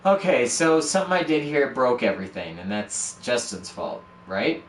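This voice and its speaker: A man's voice: medium pitch, big pitch swings, normal speed, a little hiss or hum. A man casually streaming his game-building work, mocking himself as he talks through each step, with a dog barking in the room. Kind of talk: casual live-stream commentary. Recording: roomy echo, a bit far from the mic.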